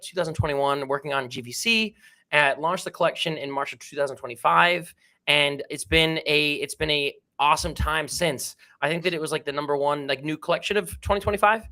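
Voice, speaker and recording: A man's voice: fairly high pitch, sharp tone. An enthusiastic man, guest on a livestream, talking casually through a remote call microphone with lots of slang. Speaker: guest, NFT collection co-founder.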